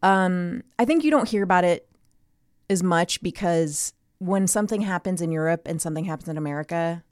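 A woman's voice: lowish voice, a little fast, dry recording. Woman podcast host, conversational and chatty, dry studio sound. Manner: chatty, storytelling with asides. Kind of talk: casual chat.

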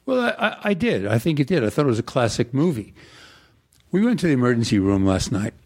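An older man, an actor, telling rambling, animated stories in an interview. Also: mid-range voice, fast talker, husky. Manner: animated, digressive storyteller. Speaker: actor guest. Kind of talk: rambling anecdotal interview talk.

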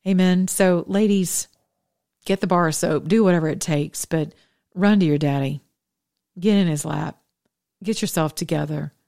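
A woman with a fairly low voice talks straight to her women listeners, half sermon and half frank chat. She urges and jokes in plain, candid words, recorded dry and close with no room sound. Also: moderate pace, vocal fry, pauses often, mellow, no room sound. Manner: exhorting, candid and chatty, with frank asides. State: widowed, speaking as a single woman. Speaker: host of a faith talk show. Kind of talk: preachy monologue to women listeners.

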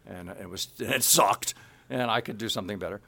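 A man's voice: lowish voice, brisk, creaky, pushed and bright. A man from the Kansas City area telling an anecdote about his career as a voice actor, acting out the dialogue as he goes.

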